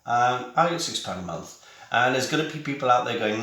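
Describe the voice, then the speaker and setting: A man's voice: medium pitch, animated, normal speed, a bit bright, echoey room. A middle-aged British man chatting casually through a home unboxing, full of wry, self-mocking asides. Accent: British English. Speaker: tech vlogger. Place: small room at home. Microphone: camera mic.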